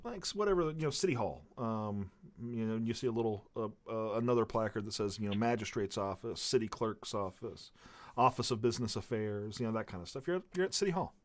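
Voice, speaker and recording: A man's voice: fairly low pitch, animated, a little fast. A man running a tabletop game as dungeon master, describing scenes in a loose, rambling way with many fillers.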